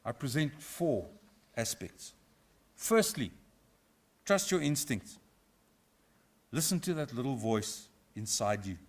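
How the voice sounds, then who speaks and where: A man's voice: mid-range voice, big pitch swings. Middle-aged man giving a formal lecture. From South Africa. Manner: measured, reflective, lightly humorous. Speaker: professor. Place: university auditorium.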